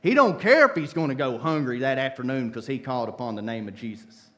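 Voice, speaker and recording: A man preaching a sermon, telling the story in a folksy, animated way with casual asides. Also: mid-range voice, quick pace. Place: church sanctuary.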